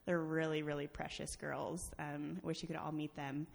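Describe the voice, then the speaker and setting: A woman's voice: low-pitched, level tone, normal speed, creaky. A woman sharing a personal testimony with a church congregation in a chatty storytelling way, laughing often and using many fillers. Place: church sanctuary. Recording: long reverb of a large hall.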